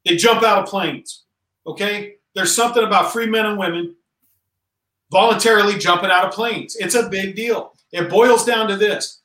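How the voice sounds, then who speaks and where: A man in his forties with a high, bright voice talks about command with emphatic conviction, pressing his points home. He is a bit distant from the mic, and the room gives a noticeable echo. His delivery feels earnest and conversational. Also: normal speed. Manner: emphatic and earnest, rising in pitch as he stresses points. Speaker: Army general, podcast guest. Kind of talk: conversational interview talk.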